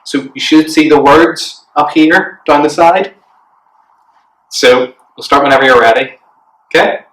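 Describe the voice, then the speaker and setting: A man's voice: a little high, unhurried, long pauses, a bit bright. A man presenting a children's church program, cheerful and encouraging. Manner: cheerful, encouraging, talks straight to the kids. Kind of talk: upbeat kids' presenting. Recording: roomy, distant mic.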